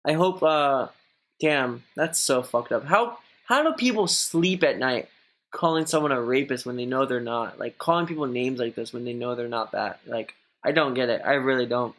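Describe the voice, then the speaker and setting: A young man with a slightly bright voice at normal speed reads viewer messages on a live stream and responds casually. He rambles, swears a lot, and mocks a high, gushing voice when quoting others.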